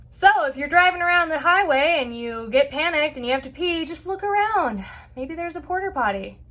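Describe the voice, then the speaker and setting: A woman hosting a vlog, telling a family story in a chatty, animated way with lots of filler words. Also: high voice, moderate pace. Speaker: vlog host. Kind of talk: casual storytelling.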